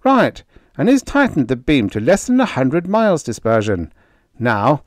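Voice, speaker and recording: A man voicing an excited, breathless male engineer bursting in with urgent news. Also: fairly high pitch, dry recording, pitched above the performer's own voice.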